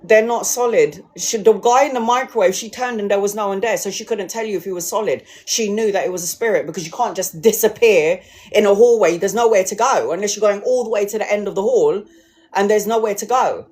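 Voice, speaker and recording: A woman telling ghost stories casually, animated and swearing, acting out the people she quotes. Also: medium pitch, brisk. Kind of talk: casual storytelling livestream.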